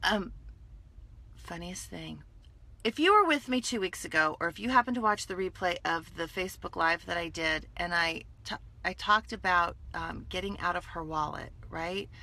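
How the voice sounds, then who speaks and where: A woman in her fifties from California hosts a casual livestream into her phone. Her voice is bright and forceful, and she is playful and animated. She keeps breaking off to greet viewers by name. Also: fairly low pitch, moderate pace, no room sound. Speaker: livestream host selling skincare. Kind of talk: casual Facebook Live chat.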